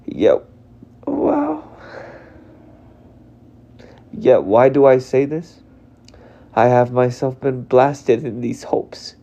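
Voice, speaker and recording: A man reading the farewell words of a weary, regretful dying scientist, slow and solemn with some restarts. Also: mid-range voice, very animated, gravelly, warm tone, full character voice. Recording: dull lo-fi recording.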